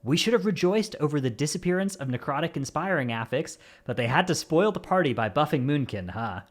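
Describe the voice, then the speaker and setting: A man's voice: a little high, animated, fairly quick. A man hosting a gaming podcast, reading out supporter names in an easygoing way with jokey asides. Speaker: podcast host. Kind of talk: casual gaming podcast chat.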